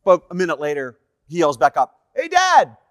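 A man's voice: on the high side, brisk, no room sound, clean studio sound. Canadian man telling stories in a sermon. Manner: animated, acts out dialogue in the stories. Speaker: evangelist. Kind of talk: sermon storytelling.

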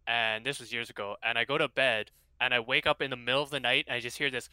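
Very bright, joking man. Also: mid-range voice, fairly even intonation, quick pace, clear, resonant tone, no echo. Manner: joking, crude, exaggerating. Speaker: podcast co-host. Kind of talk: casual chat.

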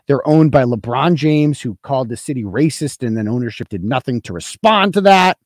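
Profane ranting man, lively voice, dry sound. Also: mid-range voice, fairly quick, few pauses, no echo. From Massachusetts. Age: 40s. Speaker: host. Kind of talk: casual livestream talk reading chat.

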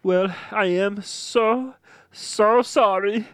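A man reading a grieving young man in a table read, high and halting. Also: a bit bright, smooth, no room sound, clean studio sound, full character voice.

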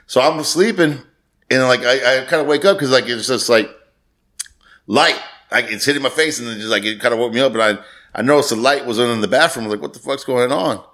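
A man's voice: medium pitch, fast, fairly bright tone. A man hosting a podcast, telling a story casually and swearing freely. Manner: swears freely, acts out quoted voices. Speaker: podcast host.

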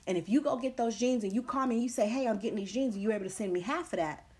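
A woman's voice: on the high side, rapid-fire, darkish tone. A woman hosts her own podcast in a loose, casual monologue. She speaks emphatically and drives her points home by repeating them, and she slips into other voices when she quotes what people say. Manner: emphatic, preachy, repeats key phrases. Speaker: podcast host.

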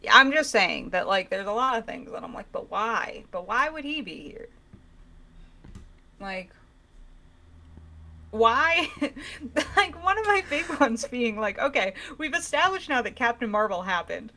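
A woman in casual podcast chat, ranting with animated exasperation. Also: on the high side, moderate pace.

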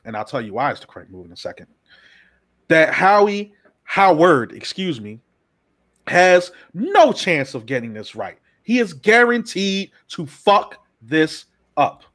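Animated man ranting about football. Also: sits high. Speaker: podcast host. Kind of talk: casual sports talk.

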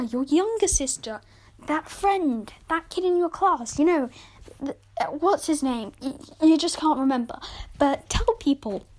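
Casting: podcast storyteller, high voice, chatty and informal, reads a novel aloud. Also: female voice, a little mellow. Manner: chatty, self-correcting, informal. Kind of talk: storybook reading.

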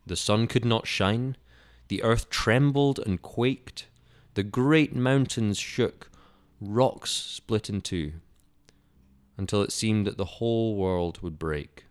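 A man's voice: on the low side, expressive, slow pace. A man reading a Bible story for children in a solemn, dramatic way.

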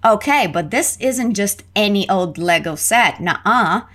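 Here a woman leads English phrase practice, speaking slowly in a mid-range voice. She keeps it lively and clear, stretching her intonation so students can repeat each drill.

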